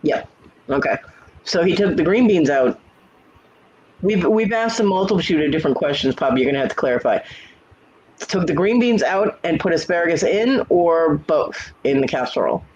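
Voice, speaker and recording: A man's voice: on the high side, expressive, normal speed, darkish tone, dull audio. A man hosting a casual livestream chat from home, telling blunt, profane stories. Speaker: livestream host.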